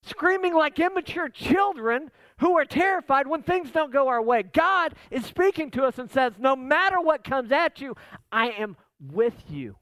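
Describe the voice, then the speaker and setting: High-voiced man preaching a sermon. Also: expressive, unhurried, a bit bright, no room sound. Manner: impassioned preaching, voice rising and dropping. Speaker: pastor.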